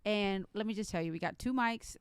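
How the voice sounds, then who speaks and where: A young woman, co-hosting a casual chat podcast and telling a story in an animated way, cursing freely. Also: medium pitch, a little fast, smooth. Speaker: podcast co-host. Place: hotel room floor.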